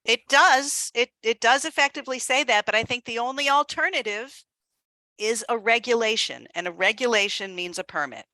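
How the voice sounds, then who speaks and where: A woman at a town zoning committee meeting, reading draft wording aloud in a measured way and discussing it with members. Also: a little high, sharp tone, no room sound.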